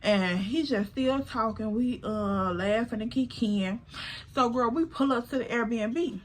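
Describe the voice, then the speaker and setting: A young woman telling a storytime vlog, chatty and animated, talking straight to her viewers. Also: a little high, unhurried, slight background noise. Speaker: vlogger.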